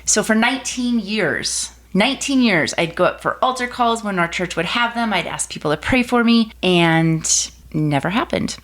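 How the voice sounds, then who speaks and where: A woman in her thirties telling a personal faith story as a podcast guest, animated, acting out quoted voices. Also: normal speed, hardly any pauses. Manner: animated storyteller, acts out quoted voices with big pitch jumps.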